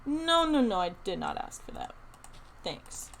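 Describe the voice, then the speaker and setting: A young woman streamer chats excitedly as she builds in a game, thinking out loud to her viewers. Her voice sits a little high, and faint keyboard typing and room noise run underneath. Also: a little slow, gravelly. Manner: chatty, excitable, thinks aloud. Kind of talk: casual live-stream chat while playing a building game.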